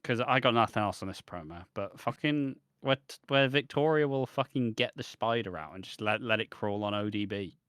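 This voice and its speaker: British male co-host, low voice, crude and sarcastic, dry sound. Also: brisk, few pauses, fairly bright tone, clear, resonant tone, no echo. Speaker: podcast co-host. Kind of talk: casual chat.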